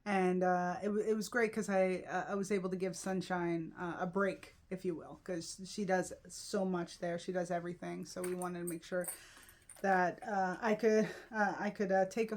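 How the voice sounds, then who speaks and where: A woman comedian and event host chatting casually in a vlog, animated, with lots of fillers and laughter. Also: on the low side, normal speed. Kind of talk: casual vlog chat about mementos.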